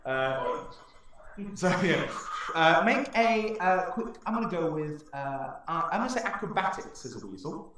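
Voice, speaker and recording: Dm guy narrating a d&d game, bright voice, loads of um and uh, echoey room. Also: high voice, normal speed. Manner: animated storytelling, many fillers and restarts. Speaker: dungeon master.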